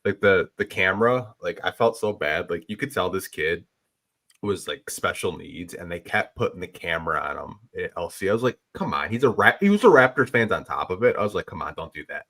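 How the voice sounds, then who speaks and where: Man, very low voice, laid-back rambling podcast co-host, casual chat. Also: animated, a little fast, a bit bright.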